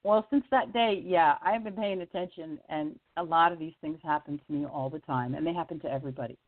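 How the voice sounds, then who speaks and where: A chatty woman tells a story down a tinny phone line, her voice leaping high whenever she quotes someone. The sound is dry and close, with no room around her, and she laughs easily between lines. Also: brisk, dry recording. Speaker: singer-songwriter guest. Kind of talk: casual storytelling on a radio interview.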